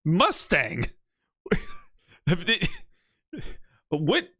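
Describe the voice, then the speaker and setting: A man's voice: mid-range voice, animated, a little slow, sharp tone. A man giving rambling, sarcastic commentary while he streams a game, laughing often. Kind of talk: casual gameplay commentary.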